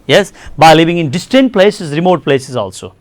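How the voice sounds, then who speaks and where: Man, nepali accent, english teacher, fairly high voice, dry close sound, repetitive lecturing. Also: lively intonation, moderate pace, dry recording. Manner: repeats words, addresses "my dear students". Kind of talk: classroom lecture on television.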